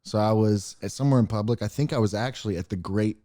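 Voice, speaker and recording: Man, podcast co-host, mellow tone, dry close sound, rambling storyteller. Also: lowish voice, fast talker, dry recording. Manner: rambling, animated retelling with many fillers. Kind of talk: casual chat, storytelling.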